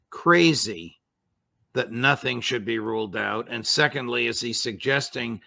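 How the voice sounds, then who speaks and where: A man hosting an interview show, asking questions in a measured, formal way. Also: mid-range voice, vocal fry, pushed and bright, no echo. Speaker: show host.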